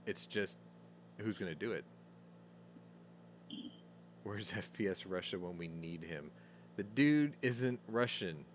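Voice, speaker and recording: A man's voice: low voice, expressive, takes it slowly, pauses often, background noise. A man hosting a casual news commentary show, rambling and opinionated, swearing as he talks. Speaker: host.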